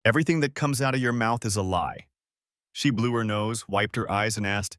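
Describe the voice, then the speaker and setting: A man narrating a first-person story in a steady audiobook style. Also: lowish voice, moderate pace, no echo, clean studio sound.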